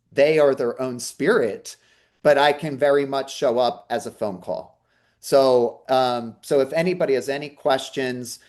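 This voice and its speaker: A man's voice: mid-range voice, darkish tone. A man working as a psychic medium in an online talk, earnestly relaying messages and reassuring the listener over a video call. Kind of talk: live online talk and reading.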